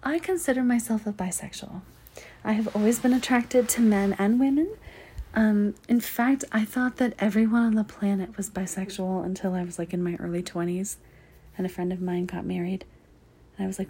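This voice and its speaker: A woman's voice: mid-range voice, normal speed. A woman from the Southern United States, an audio creator, whispering candid, chatty answers to listener questions. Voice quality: breathy whisper. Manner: candid and chatty, with frequent ums and soft laughs.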